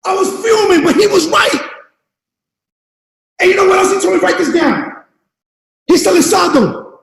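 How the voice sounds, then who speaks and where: A man with a very high, gravelly voice delivers a motivational speech to a team call, shouting and hammering home each point through repetition. His voice rings out in an echoey room with a long reverb tail. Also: moderate pace, pauses often. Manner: shouting, fired-up preacher-like delivery. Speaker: network marketing leader.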